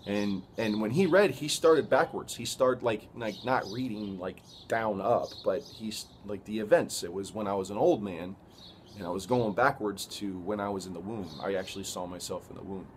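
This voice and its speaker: Man, lowish voice, earnest halting testimony, storytelling with quoted dialogue. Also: a little hiss or hum. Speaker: person giving a religious testimony.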